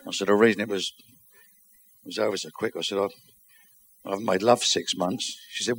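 A man telling bawdy jokes as a stand-up comedian, brash and rapid-fire, laughing through his punchlines. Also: low voice, fairly bright tone. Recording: live club with crowd and noise.

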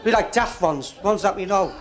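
Liverpool stand-up comic telling jokes. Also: male voice, high voice, moderate pace. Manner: chatty storyteller who acts out dialogue. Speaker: stand-up comedian. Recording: live club with audience laughter and noise.

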